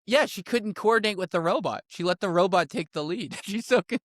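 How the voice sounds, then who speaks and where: A man's voice: high-pitched, a little fast, fairly bright tone, no room sound, clean studio sound. A man co-hosting a political podcast, laughing often and sounding incredulous in casual chat. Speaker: podcast co-host.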